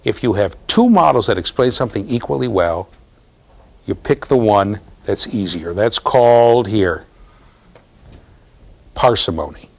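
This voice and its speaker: Lively, jokey man lecturing a class. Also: on the low side, unhurried, gravelly, pauses often. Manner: animated, jokey, talks to students directly. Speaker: university lecturer.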